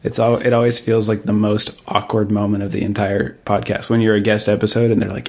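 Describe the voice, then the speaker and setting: A man's voice: lowish voice, little pitch movement, fairly quick, gravelly, hardly any pauses, a little mellow. A man appearing as a podcast guest, chatting in a joking, self-deprecating way. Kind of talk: casual podcast chat.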